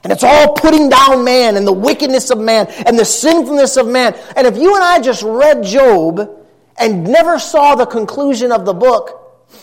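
A man's voice: very high-pitched, animated, moderate pace. A man preaching a sermon as pastor, earnest with wry asides.

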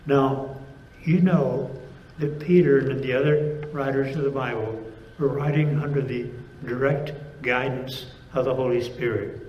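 A man preaching a sermon, speaking deliberately with pauses and emphatic stresses. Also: mid-range voice, darkish tone, roomy sound, slight background noise, rough recording.

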